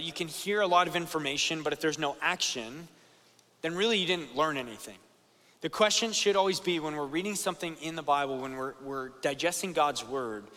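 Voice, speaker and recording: A man's voice: fairly high pitch, bright, forceful tone, big-room sound. A young man preaching a sermon to students, earnest and conversational, often checking in with "right?".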